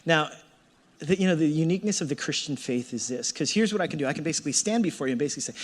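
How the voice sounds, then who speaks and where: Animated male pastor in a reverberant hall. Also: fairly high pitch, fast talker. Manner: animated storytelling, acting out his own inner voice. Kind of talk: sermon with personal story. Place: church hall.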